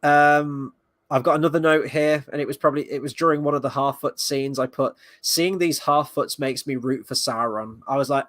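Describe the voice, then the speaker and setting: A man's voice: medium pitch, steady tone, normal speed, a bit bright, no room sound. A man giving a casual spoken review of a TV episode, rambling and sarcastic, swearing now and then. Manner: rambling, sarcastic, swears, mocks scenes in quoted voices. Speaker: video reviewer.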